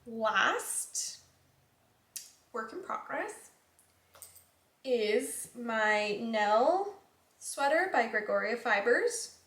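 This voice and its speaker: A woman's voice: fairly high pitch, animated, very slow, pauses often, a bit bright. A young woman hosting a knitting vlog, chatting casually and rambling with lots of likes and ums. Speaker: knitting podcast host. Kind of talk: casual chat. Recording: echoey room.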